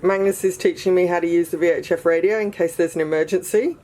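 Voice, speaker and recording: A woman's voice: on the low side, steady tone, quick pace, dark tone, slight background noise, rough recording. A woman co-hosting a sailing vlog, chatting in an easygoing, casual way on her boat. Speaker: vlog co-host. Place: on a sailboat.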